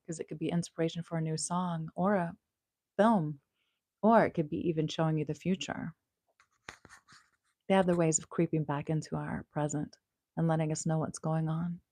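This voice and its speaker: A young woman chats playfully through a casual livestream from home, her voice a little low for a woman. The sound is close and dry, caught by a small clip-on mic. She rambles easily and sometimes drops into soft murmurs. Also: no room sound. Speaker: host.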